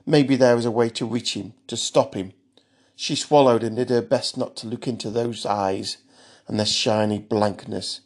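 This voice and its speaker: A man reads a dark thriller aloud in a steady, measured storytelling voice. His pitch sits in a plain middle range. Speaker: narrator. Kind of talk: audiobook narration of a thriller.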